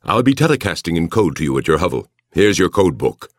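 A man voicing a brisk, businesslike male disc jockey in an audiobook. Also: sits low, big pitch swings, dry recording, studio quality.

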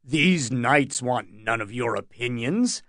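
A man reading an audiobook, voicing a big, gruff young knight who growls his words. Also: medium pitch, expressive, slow pace, a bit bright, dry recording, studio quality.

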